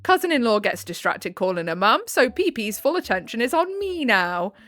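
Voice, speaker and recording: An animated woman reads online stories aloud at home, acting out each scene and laughing often. Her voice is fairly high and swoops a lot, and the sound is dry and close to the mic. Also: normal speed, dry recording. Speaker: story narrator. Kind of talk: dramatic reading of online stories. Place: home room with window.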